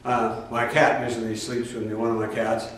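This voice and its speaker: A man's voice: medium pitch, little pitch movement, a little fast. A man from Iowa gives a spiritual talk in an emphatic, folksy way, with mocking asides. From Iowa, USA. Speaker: spiritual teacher. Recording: very echoey room, heard from a distance.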